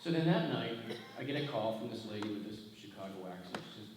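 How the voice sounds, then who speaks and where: A middle-aged man, an author on a festival panel, telling animated, self-mocking stories with salty language and frequent laughter. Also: fairly low pitch, fast. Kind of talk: anecdotal storytelling on stage. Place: large hall at a festival. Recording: echoey hall, far-off mic, noisy.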